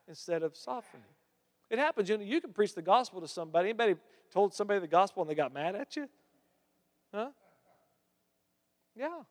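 High-voiced male preacher in reverberant hall. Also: brisk, pauses often. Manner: animated storytelling, voice climbs when excited. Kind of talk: sermon.

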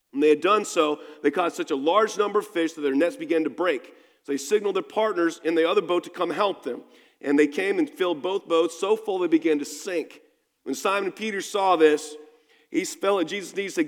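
Speaking fairly quickly in a fairly high pitch, a male pastor delivers a conversational, story-driven sermon full of restarts. His words ring with the long echo of a church sanctuary.

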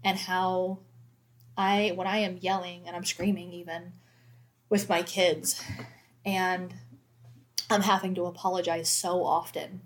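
A woman's voice: fairly low pitch, flat delivery, measured pace, long pauses, a little hiss or hum. A woman in her thirties, a mother of four, talking candidly and reflectively in a casual faith conversation, with many fillers.

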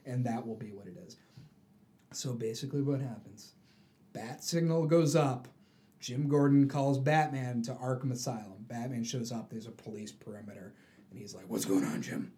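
Mellow-voiced man animatedly retelling a comic. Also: medium pitch, moderate pace. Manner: animated storyteller, acts out the characters' voices. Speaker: podcast co-host. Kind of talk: casual chat, retelling a comic book.

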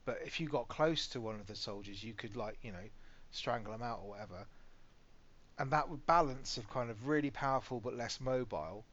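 Chatty British man, animated storyteller. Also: mid-range voice, brisk. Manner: animated storytelling, swears freely. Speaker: podcast co-host. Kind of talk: casual chat. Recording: slightly muffled podcast audio.

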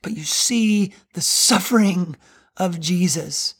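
Husky slow-talking woman teaching the Bible. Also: lowish voice. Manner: earnest, emphatic, slows down to read scripture. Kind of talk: podcast Bible teaching with scripture reading.

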